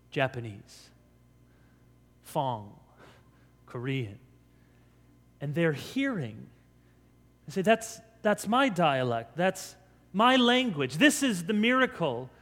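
An American pastor delivers an animated sermon. His voice sits high for a man, and he jumps into quick voiced asides for the crowd. A long reverb trails his words through the hall. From United States. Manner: animated storytelling preacher, acts out crowd voices.

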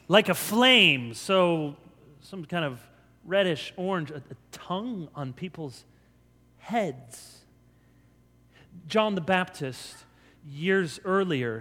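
A man preaching a sermon as a pastor, telling the story with lively energy and quick voiced asides for the crowd. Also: fairly high pitch, in a large hall. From United States.

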